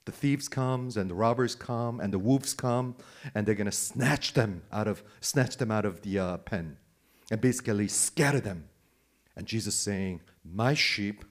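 A male pastor preaching a sermon, repeating phrases and asking rhetorical questions, rising to loud emphatic peaks and dropping to hushed quiet lines. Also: fairly low pitch, measured pace. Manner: swings from loud emphatic rises to soft hushed drops.

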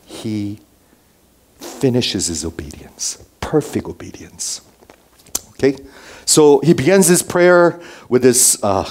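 A male pastor preaching a sermon to a congregation, swinging between raised emphasis and hushed near-whispers and often checking in with "okay?". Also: fairly low pitch. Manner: checks in with the listeners with frequent "okay?". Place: church before a congregation.

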